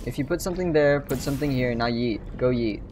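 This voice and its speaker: Young man, streamer, casual gaming chat, teasing, laughs often, average pitch, faint noise. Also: fast talker, darkish tone. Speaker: streamer host.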